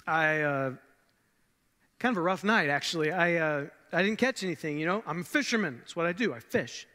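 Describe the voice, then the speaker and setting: A man's voice: fairly high pitch, expressive, pushed and bright. A man playing a plainspoken, awestruck fisherman. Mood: reminiscing. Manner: first-person storytelling, casual and halting. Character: grown male fisherman disciple, plainspoken and awestruck. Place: church sanctuary. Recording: long church hall reverb.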